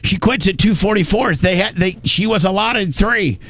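A man's voice: high voice, moderate pace, a bit bright. A man hosting a talk radio show, blunt and crude in his commentary.

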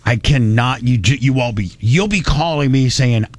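A man's voice: medium pitch, normal speed, no room sound. A man hosting a radio talk show, rambling and joking, often correcting himself mid-sentence. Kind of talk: casual talk radio with ad reads.

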